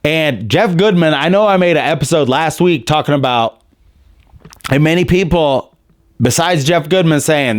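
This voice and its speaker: Candid, rambling male podcast host; smooth, slightly high voice, dry close sound. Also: moderate pace, dry recording. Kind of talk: casual opinionated chat.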